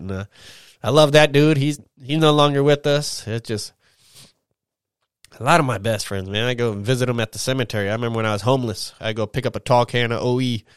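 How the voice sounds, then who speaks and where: A man's voice: mid-range voice, smooth, no room sound, studio quality. A young man talking casually and frankly on his own podcast, rambling, swearing often and tagging lines with "man". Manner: candid, profane, rambling with drawn-out "man". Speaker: podcast host.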